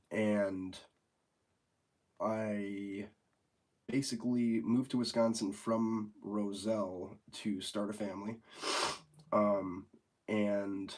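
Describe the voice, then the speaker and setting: A young man with a slightly low, congested voice chats with viewers on a casual livestream. He rambles in a laid-back way and swears freely. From United States. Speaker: livestream host.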